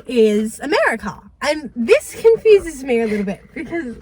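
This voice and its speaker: A woman's voice: high-pitched, moderate pace, a little hiss or hum. A young woman, co-hosting a casual chat, teasing and swearing freely. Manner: animated, teasing, swears freely, laughs often. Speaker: co-host.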